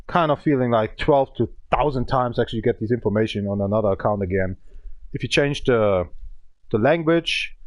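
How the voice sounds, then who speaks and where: A man's voice: medium pitch, no echo. A man in his thirties giving rambling, complaining gameplay commentary in broken English. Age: 30s. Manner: speaking with a cigarette in his mouth. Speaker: gaming channel host.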